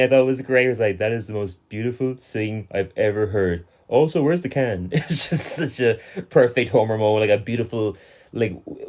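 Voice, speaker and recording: A young man with an Irish accent chats casually as a podcast co-host. He is animated and laughs often, and he acts out scenes in lively voices as he talks. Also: mid-range voice.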